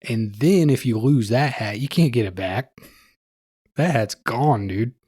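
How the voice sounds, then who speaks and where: A man co-hosting a podcast, chatting and joking in relaxed banter. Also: medium pitch, unhurried, husky, no echo, studio quality. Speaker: podcast co-host. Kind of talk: casual podcast chat.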